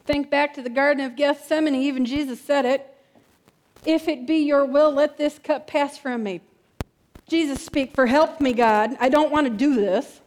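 High-voiced woman preaching a heartfelt sermon. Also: fairly even intonation. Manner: earnest, repeats key words, asks "right?"; drops soft and slow on emotional lines. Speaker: pastor.

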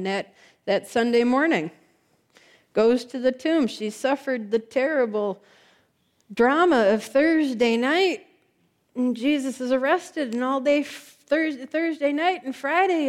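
A woman preaching a sermon, retelling stories emphatically with lots of repetition. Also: high voice.

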